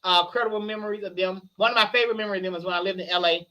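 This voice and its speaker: Bright-voiced, animated storytelling man. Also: high voice, rapid-fire, dull audio. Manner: animated storyteller, laughs a lot, hoarse shouts when excited. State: a little tipsy. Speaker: guest. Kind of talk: casual chat.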